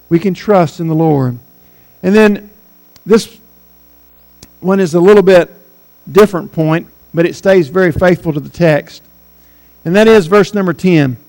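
A man preaching a sermon, rising on his key points and dropping low when he quotes scripture. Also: normal speed, darkish tone, faint music behind, rough recording.

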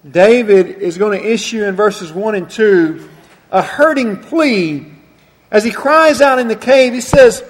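A man with a high voice preaches earnestly, slowing down to stress key words. His sermon rings through a large church hall with a long reverb. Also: animated. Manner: earnest preaching, slows for emphasis. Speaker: pastor.

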